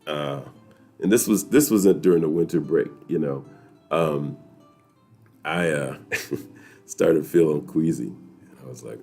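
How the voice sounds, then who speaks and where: A man from New York, hosting a weekly chat and telling a story to viewers in a lively, laughing way. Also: rumbling low, takes it slowly, vocal fry, pauses often, faint music behind. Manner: animated, laughing, talks straight to viewers.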